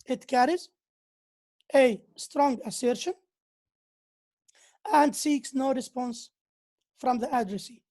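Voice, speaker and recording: A woman's voice: sits high, slow pace, pauses often, warm tone. A woman lecturing on grammar who often repeats key phrases and reads out examples. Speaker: university lecturer. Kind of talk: slow lecture on English grammar.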